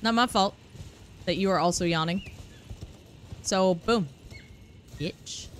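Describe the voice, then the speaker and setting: A woman streamer giving live commentary while playing a video game, excitable and swearing, dropping to low mutters and then bursting into loud cheers. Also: takes it slowly, a little hiss or hum.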